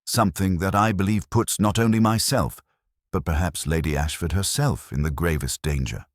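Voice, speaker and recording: A man's voice: low voice, normal speed, no room sound, studio quality. A man voicing a nervous young lady's maid who speaks hesitantly and politely. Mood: anxious.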